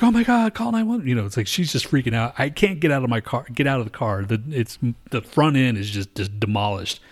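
A man telling a story in casual chat, rambling and swearing, with many restarts and fillers. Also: medium pitch.

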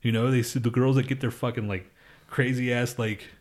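Young male podcast co-host, mid-pitched, rambling and profane, laughs a lot. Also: fairly even intonation, brisk. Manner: loose, profane storytelling with frequent laughs. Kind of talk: casual chat.

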